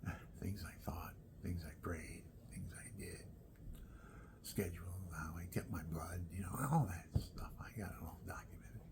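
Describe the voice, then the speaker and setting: A man telling rambling personal stories at home, often dropping into soft whispered asides. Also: deep voice, fairly even intonation, moderate pace.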